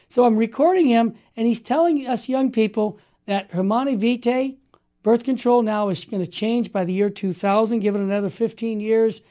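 A man in his sixties telling stories in an interview, emphatic and fervent, building to forceful outbursts. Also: very high-pitched, moderate pace. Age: 60s. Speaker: guest. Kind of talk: impassioned storytelling in conversation.

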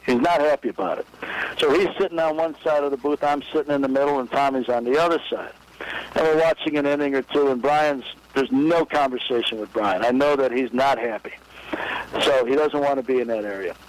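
A man's voice: medium pitch, a little fast, low-quality recording. A baseball executive telling an anecdote in an interview, acting out the voices of the people he quotes. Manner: lively storyteller, acts out quoted voices.

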